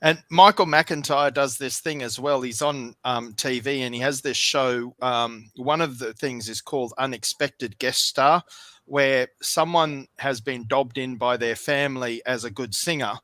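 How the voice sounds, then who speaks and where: A man's voice: mid-range voice, unhurried, bright, forceful tone, no room sound. A man from Australia with an Australian accent, chatting casually on a stream, easygoing and rambling with frequent ums. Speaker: stream host. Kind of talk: casual chat.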